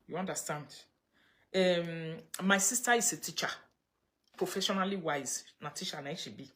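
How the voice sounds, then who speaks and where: A woman's voice: lowish voice, brisk. A Nigerian woman chatting casually on a livestream, reading viewer comments and mixing pidgin with English. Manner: chatty, mixes pidgin and English, breaks into laughter. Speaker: livestream host.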